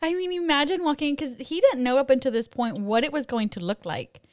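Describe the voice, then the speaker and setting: Supportive young woman, slightly high voice. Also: a little fast, a little mellow, slight background noise. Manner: supportive, frequent listener affirmations and laughter. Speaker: mother, co-host friend. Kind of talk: casual chat.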